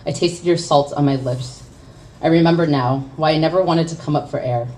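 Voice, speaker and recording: Low-voiced young woman poet, distant mic. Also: a little fast, darkish tone. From United States. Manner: awkward self-deprecating asides between impassioned poems. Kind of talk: spoken word poetry at an open mic. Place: café open mic night. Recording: distant mic with faint room noise.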